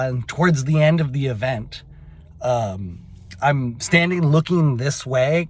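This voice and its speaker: A young adult man shares a personal story as a vlogger, halting and emotional, with lots of fillers and restarts. His voice sits in the mid range.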